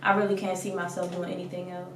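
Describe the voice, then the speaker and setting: A woman's voice: fairly low pitch, flat delivery, fast talker, recorded from a distance. A young woman talks in a casual, blunt way, laughing often and leaning on "like." She sits a bit back from the mic in an echoey room with faint noise behind her. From Washington DC area. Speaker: rapper guest. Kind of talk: casual interview.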